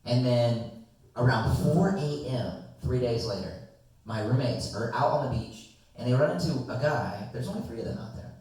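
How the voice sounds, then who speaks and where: A young man telling a long, rambling story to friends in a casual chat, animated and swearing freely. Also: mid-range voice, normal speed. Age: young adult. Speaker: guest storyteller. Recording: echoey room, distant mic.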